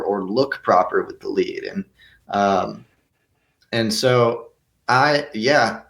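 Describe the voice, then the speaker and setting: A man's voice: lowish voice, vocal fry. A young man, an actor, answering interview questions earnestly, often restarting his sentences. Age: young adult. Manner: earnest, with many restarts and stammered repeats. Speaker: guest actor.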